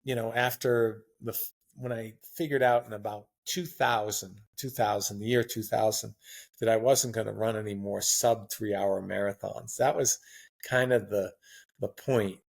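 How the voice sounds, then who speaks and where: A man in his sixties chatting as a podcast guest, telling long rambling stories in a relaxed, anecdotal way. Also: lowish voice, normal speed, vocal fry. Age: 60s. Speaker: guest marathon runner. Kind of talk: casual interview chat.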